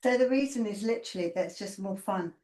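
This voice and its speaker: A woman's voice: medium pitch, quick pace, warm tone, a little hiss or hum. A woman chatting casually during a workout session and asking curious questions. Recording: roomy echo.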